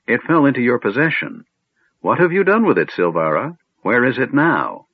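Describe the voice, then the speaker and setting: Doddering old wizard, stern then scatterbrained, read by a man, husky, narrow audio. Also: medium pitch, sing-song, moderate pace, dry recording, voice pushed up. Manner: shifts from stern to absent-minded and chatty. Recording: narrow phone-like sound.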